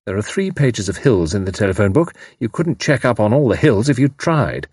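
A man reading an audiobook, voicing a lively, mischievous young woman spy who talks in a breezy, self-assured way. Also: lowish voice, fairly quick, slightly rough, no echo, clean studio sound. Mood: playful.

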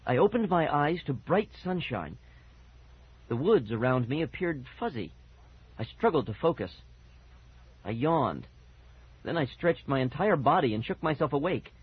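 A man's voice: a little high, very animated, unhurried, long pauses, slightly rough. A man narrating a first-person scary children's story on audiobook, dramatic and building suspense, on a muffled cassette recording.

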